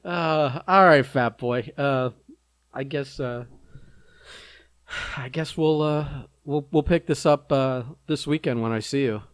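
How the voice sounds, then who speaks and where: A man's voice: mid-range voice, slow, smooth, no echo. A man hosting a podcast in a teasing, joking way who laughs often. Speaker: podcast host. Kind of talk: casual chat.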